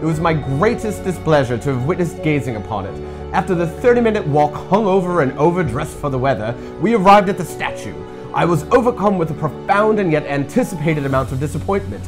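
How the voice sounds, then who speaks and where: A man's voice: on the high side, lively intonation, a little fast, music in the background, pitched above the performer's own voice, close to an everyday voice. A man doing a put-on British accent as a pompous, grumpy male tourist, reading a long complaint with grand drama.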